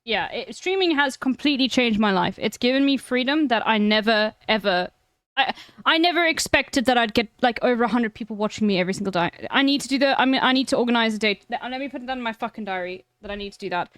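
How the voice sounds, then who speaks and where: A woman's voice: a little high, lively intonation, quick pace, fairly bright tone, no room sound, clean studio sound. A woman streamer chatting frankly with viewers, giving blunt advice and swearing freely. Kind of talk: casual chat with viewers.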